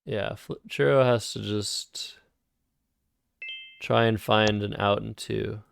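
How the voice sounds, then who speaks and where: A man's voice: fairly low pitch, fairly even intonation, slow pace, vocal fry, clean tone, no room sound. A man casually thinking aloud while playing word games on a live stream. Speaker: streamer and Scrabble player.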